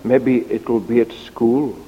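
A man preaching a children's sermon, telling a story in an animated, sing-song way. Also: medium pitch, takes it slowly, in a large hall, dull audio, slight background noise. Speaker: preacher giving a children's talk.

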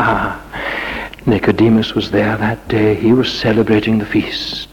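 A man preaching a sermon in a church, with dramatic rising questions and sudden quiet passages. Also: on the low side, big-room sound, muffled recording, a little hiss or hum.

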